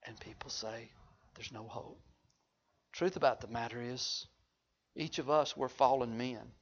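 A man preaching a sermon, swinging from hushed low asides to loud, high-pitched exhortation. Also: moderate pace, highs cut off. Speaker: pastor.

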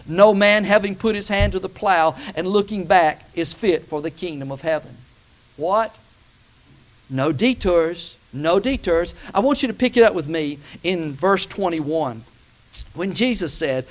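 A man's voice: high-pitched, animated, moderate pace. A man preaching a sermon, building to emphatic peaks and stretching out key phrases.

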